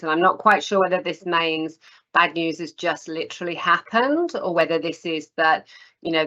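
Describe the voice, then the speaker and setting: Deep, bright-toned woman moderator. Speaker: webinar moderator relaying audience questions. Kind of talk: webinar moderation. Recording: dull video call.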